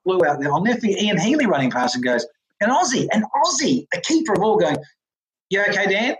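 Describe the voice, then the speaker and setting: A former cricketer from New Zealand with a New Zealand accent, telling animated stories as an interview guest, laughing often and acting out the voices of others. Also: male voice, high voice, quick pace, poor audio. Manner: lively, laughs often, acts out quoted voices. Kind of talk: animated storytelling.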